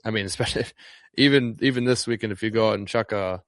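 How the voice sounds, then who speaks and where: A man's voice: fairly low pitch, fast talker, fairly bright tone. A fishing guide from Northeast Wisconsin, a man talking casually in an interview and rambling with many ums and restarts.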